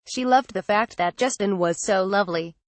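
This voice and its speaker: A woman reading a printed interview aloud as a narrator, in an even, steady manner. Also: mid-range voice, moderate pace, no echo. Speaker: article reader.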